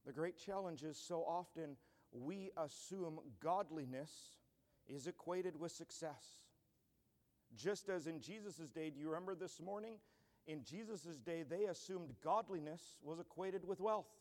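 High-voiced preaching man in a reverberant hall. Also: expressive, measured pace, darkish tone. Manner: earnest preaching, building to emphatic declarations. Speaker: pastor. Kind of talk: sermon. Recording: long church hall reverb.

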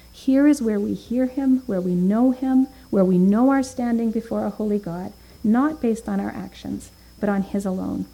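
A woman's voice: mid-range voice, mellow, rough recording. A woman teaching a Bible study, earnest, reading scripture aloud with emphasis and thinking aloud with small fillers and restarts.

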